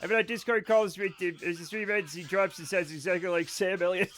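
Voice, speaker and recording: Rhode island dude streaming a game, high bright voice, jokey and self-mocking. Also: male voice, normal speed, faint music behind. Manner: animated, self-mocking, swearing. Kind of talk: casual gameplay stream chat.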